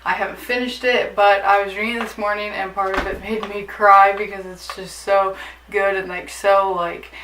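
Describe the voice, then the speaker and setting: A woman's voice: medium pitch, little pitch movement, normal speed, a bit bright. A young woman chatting casually about books in a book haul video, filling her talk with "like". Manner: chatty, lots of "like" fillers. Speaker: book vlogger. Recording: echoey room, mic at a distance, faint hiss.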